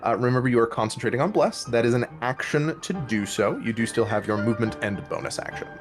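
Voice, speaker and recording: A man serving as dungeon master, patiently walking players through rules and dice rolls. His voice sits at a middling pitch. Background music plays clearly underneath. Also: fast talker. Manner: methodical, explains rules step by step. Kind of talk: running a tabletop game.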